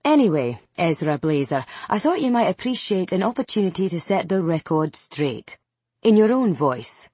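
A young Scottish woman hosts a radio interview with a lowish, animated voice. Her tone is slightly breathy, and the studio sound is dry and close. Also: normal speed, dry recording. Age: young adult. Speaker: radio host.

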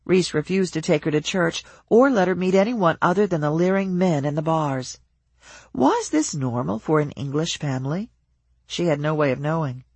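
Husky, dry audiobook narrator. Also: medium pitch, no room sound. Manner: even, measured storytelling.

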